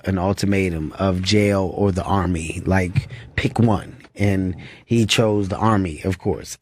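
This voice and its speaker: A man's voice: on the low side, a little mellow, dry recording. Earnest man telling his story. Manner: earnest, repeats phrases, acts out others' voices. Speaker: comedian guest. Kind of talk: candid interview storytelling.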